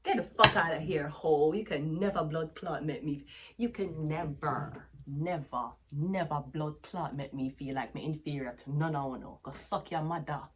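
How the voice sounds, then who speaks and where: A Jamaican woman with a lowish voice reads tarot cards in a loud, profane rant. She curses constantly and drops into patois. A faint hiss sits under her voice. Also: normal speed. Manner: brash, cursing, switching into patois. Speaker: tarot reader.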